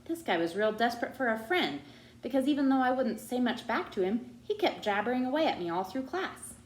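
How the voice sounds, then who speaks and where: A woman reading a children's novel aloud, narrating in an expressive, animated way. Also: fairly high pitch, a little fast. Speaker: audiobook reader. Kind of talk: storytelling narration. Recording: roomy echo.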